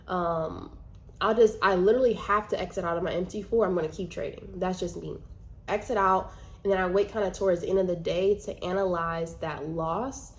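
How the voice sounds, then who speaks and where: A woman's voice: medium pitch, a little mellow. Chatty woman vlogging about trading. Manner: chatty, many "like" fillers, earnest. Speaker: vlogger and trader. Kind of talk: casual talk to camera.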